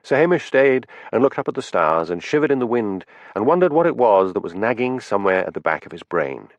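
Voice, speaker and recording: Guy reading an audiobook, lowish voice, lively delivery, dull dry audio. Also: fairly quick, no room sound. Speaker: audiobook narrator. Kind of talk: scripted narration.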